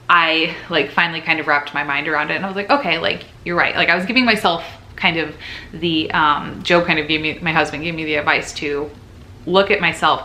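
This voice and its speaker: A young woman talks straight to camera in a candid personal vlog, earnest and chatty, her speech full of likes and ums. Her voice is bright and forward while sitting a little low in pitch. A faint hiss runs under the recording. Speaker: nurse practitioner vlogger.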